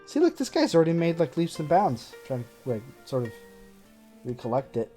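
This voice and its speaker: A man's voice: on the high side, huge pitch swings, moderate pace, mellow. A man streaming a game live, chatting casually in a sarcastic, self-mocking running commentary as he plays. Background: faint game music.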